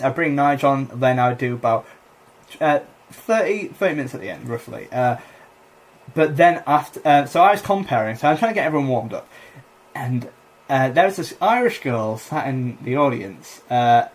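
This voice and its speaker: A young man, a comedian and podcast co-host, telling a rambling story with lots of fillers and laughter in casual chat. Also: mid-range voice.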